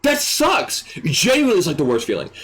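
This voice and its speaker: A man streaming, ranting in an exasperated, animated way and swearing freely. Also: high voice, brisk. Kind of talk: ranting commentary.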